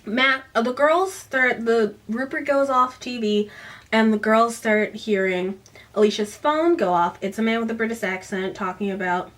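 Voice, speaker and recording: A woman's voice: a little high, normal speed, fairly bright tone, distant mic. A woman casually recapping a teen novel and reading passages aloud, often correcting herself mid-sentence. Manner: rambling, self-correcting, giggly asides. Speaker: book reviewer.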